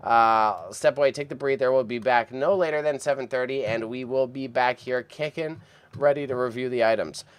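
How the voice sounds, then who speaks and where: A man's voice: medium pitch, moderate pace, smooth, dry recording. A man hosting a casual live auction stream, chatty and self-deprecating, often repeating himself. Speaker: livestream auction host.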